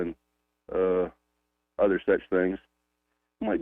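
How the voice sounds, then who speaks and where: A man's voice: deep voice, big pitch swings, slow pace, vocal fry, long pauses, dry recording, phone-quality sound. A man with a Southern accent calling in to a radio talk show, telling stories and joking with a laugh. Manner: laughs often, joking storyteller. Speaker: caller. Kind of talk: casual radio call-in chat.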